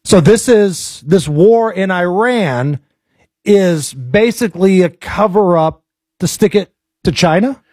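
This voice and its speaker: A man with an American accent hosting a casual political talk show, blunt and animated, pressing his guest with pointed questions. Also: high-pitched, slow, no echo, clean studio sound.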